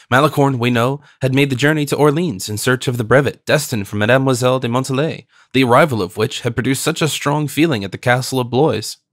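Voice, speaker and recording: A man narrating a classic novel as an audiobook in a measured, even reading. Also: mid-range voice, no room sound, studio quality. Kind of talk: scripted narration.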